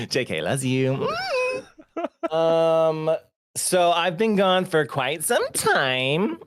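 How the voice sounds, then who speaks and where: A man's voice: on the high side, sing-song, extremely slow. A man co-hosting a podcast, telling rambling stories in casual chat and laughing often. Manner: laughs a lot, rambling storyteller. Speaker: podcast co-host.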